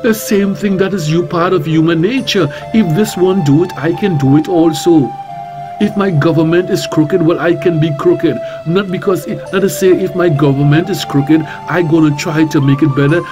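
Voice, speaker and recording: A man's voice: a little high, moderate pace, over music. A man with a Trinidadian accent, a reverend preaching on talk radio, bold and emphatic, repeating phrases and firing rhetorical questions. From Trinidad and Tobago.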